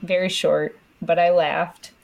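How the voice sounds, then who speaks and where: A woman's voice: lowish voice, takes it slowly, vocal fry. A young woman co-hosting a podcast, telling everyday stories animatedly and often laughing as she talks. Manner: animated storytelling, laughs through it. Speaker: podcast co-host. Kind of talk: casual chat.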